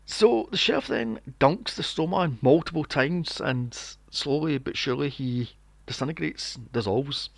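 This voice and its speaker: A man hosting a podcast, recapping a film in casual chat, animated and sweary, acting out scenes in mocking voices. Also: medium pitch, a little slow, creaky, dry recording. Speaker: podcast host. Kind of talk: casual movie review chat.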